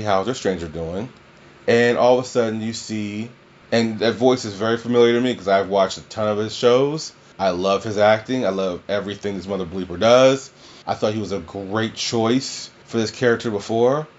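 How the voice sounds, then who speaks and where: A man's voice: medium pitch, highs cut off. Rambling, cursing male movie reviewer. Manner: rambling and profane, many fillers and restarts. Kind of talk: casual spoken film review.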